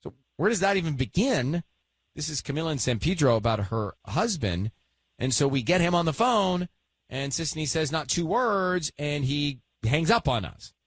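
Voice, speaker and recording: A man's voice: on the high side, sing-song. A man hosting a radio show, bantering and teasing his co-hosts, often cutting in. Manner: teasing, quick to cut in. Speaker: radio host.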